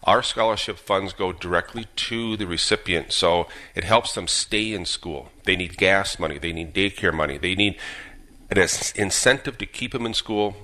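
A man in his fifties from Minnesota speaks as a guest on a radio show. His voice is deep, yet bright and forward in tone. He talks earnestly and steadily, with the occasional filler, telling a personal story. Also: moderate pace. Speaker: guest, Gold Star father.

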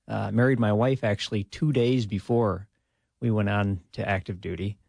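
A man's voice: fairly low pitch, moderate pace, creaky, slightly rough, no room sound. A man, a retired army officer talking modestly in a radio interview, chuckling often. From Minnesota, USA. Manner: relaxed and modest, chuckles often, many "uh" fillers.

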